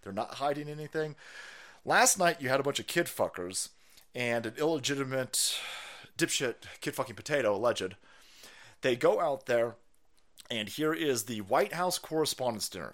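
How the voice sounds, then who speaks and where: A man hosting a political stream, ranting loudly and sarcastically with lots of swearing and mocking voices. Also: a little high. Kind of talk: profane ranting commentary.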